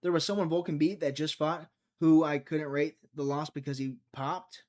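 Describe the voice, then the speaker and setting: With a fairly high, slightly mellow voice and a steady tone, a young man from Mississippi, USA, chats at normal speed during a relaxed live stream. He rambles and jokes while reading and replying to chat aloud.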